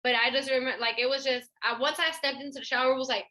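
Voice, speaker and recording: A woman's voice: high-pitched, fairly even intonation, very fast, sharp tone, low-quality recording. A young woman co-hosting a podcast, telling a personal story in casual chat and acting out what people said. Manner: storytelling, acts out quoted voices. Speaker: podcast co-host.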